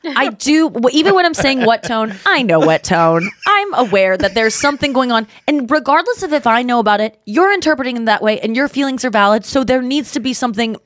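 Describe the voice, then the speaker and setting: A woman hosting a podcast, talking in a casual, chatty way full of "like" and quick asides. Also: a little high, animated. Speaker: podcast host. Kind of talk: casual chat.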